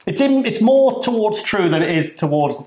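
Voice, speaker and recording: British guy rambling and joking on a podcast, kinda high voice, roomy echo. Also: sing-song, normal speed, a little mellow. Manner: rambling, jokey storyteller with swearing. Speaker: co-host. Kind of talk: casual chat.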